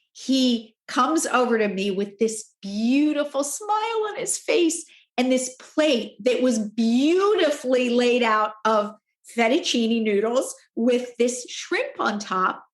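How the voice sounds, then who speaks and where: A fairly high-voiced woman tells a personal story, animated and quick to act out quoted speech with big jumps in pitch. Her voice echoes in a room recording. She talks in a loose, conversational way. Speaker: podcast guest.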